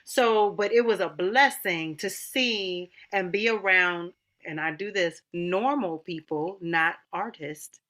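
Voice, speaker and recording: Warm, chatty and animated, this woman tells her story to a panel with a bright, sharp tone sitting a little low in her range. She drops in "honey" and "girl" as she goes, like talking to friends. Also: takes it slowly, hardly any pauses. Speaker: opera singer and mother. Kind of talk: casual panel chat.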